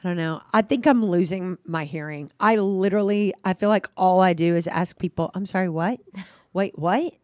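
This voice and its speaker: A woman's voice: on the low side, a little fast, few pauses, darkish tone, clear, resonant tone, no echo, clean studio sound. A woman in her fifties hosting a podcast, chatting and giving blunt opinions. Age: 50s. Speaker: podcast host. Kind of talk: casual chat.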